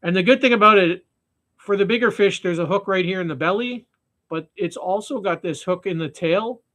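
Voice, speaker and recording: Fairly quick and fairly bright, with a voice that sits high, the Canadian host rambles through his live stream while tying flies. He often loses the thread, restarts, and leans on fillers.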